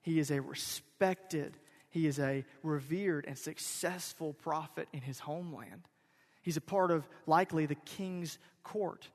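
A man preaching a sermon in a conversational way, moving between loud emphatic bursts and quiet asides. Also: on the high side, a little slow. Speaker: pastor. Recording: reverberant hall.

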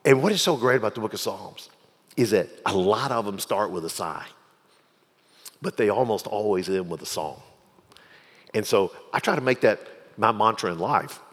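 A middle-aged man preaching a sermon in a conversational style, with soft asides and emphatic repetition. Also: lowish voice, lively intonation, normal speed, pauses often, long reverb tail. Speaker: pastor.

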